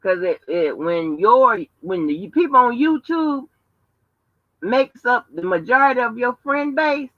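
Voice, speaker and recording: A woman's voice: a little high, expressive, unhurried, no room sound. A woman hosting a casual livestream from home, talking in a profane, emphatic, storytelling way. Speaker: livestream host. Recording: dull lo-fi livestream audio.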